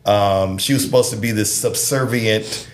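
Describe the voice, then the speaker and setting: A man's voice: fairly low pitch, moderate pace, echoey room, over a noisy crowd. A middle-aged man, a sitcom creator, telling stories in an interview and acting out what others said. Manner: animated storyteller, acts out quotes. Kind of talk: storytelling interview.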